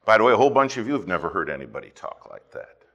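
A man preaching a fervent sermon, swinging between loud emphasis and hushed asides as he tells a story. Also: on the low side, sing-song, very fast, lo-fi sound. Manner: storytelling with quoted dialogue.

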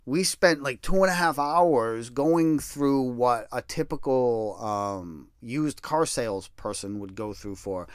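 A middle-aged man tells a story from his own life in plain, salty words and pokes fun at himself. His voice sits at an ordinary pitch and jumps between loud outbursts and quiet mutters. The recording is dry and close, with no room sound. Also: lively intonation, normal speed, dry recording. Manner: profane, blunt and self-deprecating; swings between loud bursts and low mutters. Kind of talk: casual personal storytelling.

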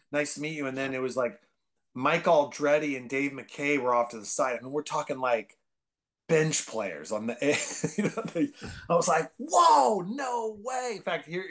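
A man from the Bay Area, a comedian guest, telling rambling stories full of fillers and bursting into loud, excited impressions. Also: mid-range voice. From San Francisco Bay Area. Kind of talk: casual podcast storytelling.

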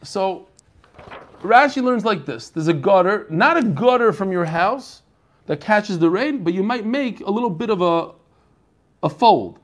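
This American man's voice is high-pitched and expressive, and his pace is measured as he teaches Talmud. He intones the Aramaic text in a singsong and then walks his students through it in casual English with friendly asides.

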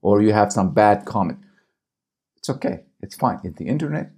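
A man's voice: on the low side, expressive, moderate pace, a little mellow, breathy edge. A man giving coaching advice to camera in a vlog, often checking in with his viewers. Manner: coaching, keeps checking in with "okay?" and "right?". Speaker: small business YouTuber.

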